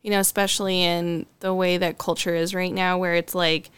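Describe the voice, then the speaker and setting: Thoughtful woman, clear, dry voice. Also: fairly low pitch, level tone, moderate pace, fairly bright tone, no echo. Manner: thoughtful, hedging with frequent ums and likes. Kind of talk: casual conversational chat.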